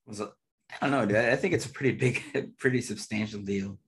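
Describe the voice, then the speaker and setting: A man's voice: on the low side, brisk. A man co-hosting a casual sports podcast, chatty and loose, laughing often as he talks. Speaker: podcast co-host.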